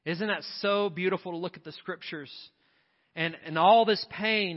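A man's voice: high-pitched, normal speed. A man pastor delivering an impassioned sermon in a church, building to repeated refrains. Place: church sanctuary. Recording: dull audio with long hall reverb.

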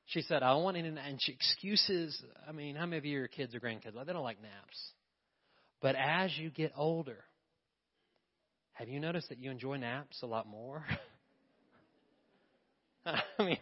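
A male pastor preaching a sermon in a church, emphatic and often putting questions to the congregation. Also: medium pitch. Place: church sanctuary. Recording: long reverb, dull lo-fi sound.

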